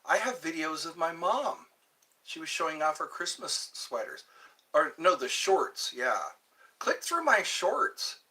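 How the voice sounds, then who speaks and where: A man's voice: fairly high pitch, sharp tone. A man hosting a casual livestream, rambling, reading out viewer questions and answering them while eating yogurt. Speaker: livestream host.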